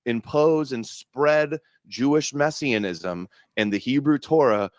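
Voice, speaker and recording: A man's voice: mid-range voice, takes it slowly, no room sound. A man speaking as a guest, arguing his points in an earnest, argumentative way. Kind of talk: podcast discussion.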